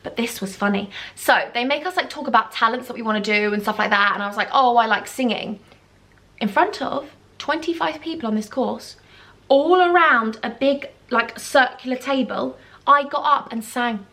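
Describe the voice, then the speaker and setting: A young woman telling a dramatic, gushing storytime, acting out quoted voices with big jumps in pitch. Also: moderate pace, sharp tone. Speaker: YouTuber. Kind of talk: casual storytime chat.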